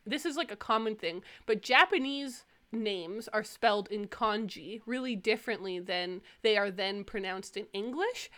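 A young woman hosting a podcast, chatting casually and ranting with animated, frequent laughter. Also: medium pitch, normal speed, few pauses. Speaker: podcast host.

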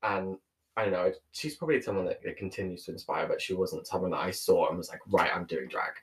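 A young British man and drag performer, chatting casually as a podcast guest, full of fillers and quick laughs. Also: low voice, poor audio. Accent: British English.

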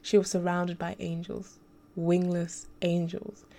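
A woman narrating an audiobook extract in a steady, measured reading style. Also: lowish voice.

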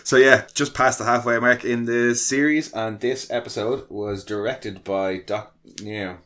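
A man's voice: mid-range voice, steady tone, unhurried, fairly bright tone. A man co-hosting a casual podcast, joking and laughing as he reads from his notes. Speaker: podcast co-host. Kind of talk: casual chat.

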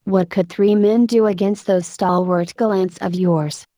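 A woman's voice: medium pitch, fairly even intonation, unhurried, warm tone, dry recording, clean studio sound, natural voice. A woman voicing a bewildered, spellbound man who asks earnest questions.

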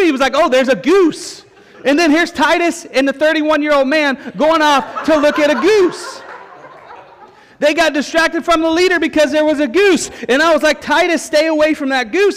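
High-voiced pastor in a reverberant church. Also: male voice, a little hiss or hum. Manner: animated storytelling with repeated refrains. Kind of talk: sermon. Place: church sanctuary. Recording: long reverb of a church hall.

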